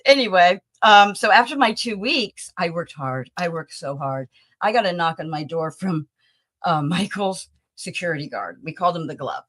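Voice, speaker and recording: A woman in her sixties, a talent agency founder, telling lively stories from her career as an interview guest. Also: fairly low pitch, normal speed. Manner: animated storyteller who acts out the people in her stories. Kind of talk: anecdotal interview storytelling.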